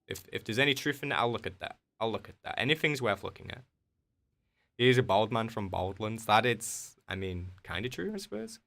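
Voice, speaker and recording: Bright-voiced English man chatting on stream. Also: on the low side, big pitch swings, brisk, gravelly. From England. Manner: joking, laughing, answering chat. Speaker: game streamer. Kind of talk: casual chat with stream viewers.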